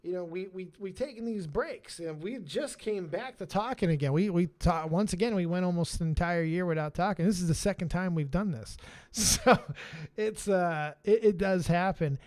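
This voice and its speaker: Excitable high-voiced man streaming live. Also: normal speed. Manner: excitable, shouts names from chat, swears. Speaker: streamer and show host.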